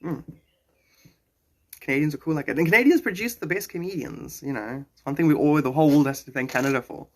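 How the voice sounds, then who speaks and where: Talking fast in a voice on the high side, a livestreamer in his forties keeps things relaxed and playful with his audience. His accent is South African; he was born in Zimbabwe and raised in South Africa.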